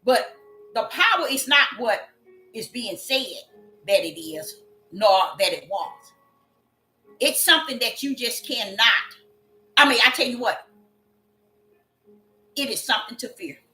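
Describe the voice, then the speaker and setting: Woman preaching slow n emphatic, bright voice, echoey room w/ faint music in back. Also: fairly high pitch, very animated. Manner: emphatic, repeats phrases, drawn-out scripture reading. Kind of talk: sermon.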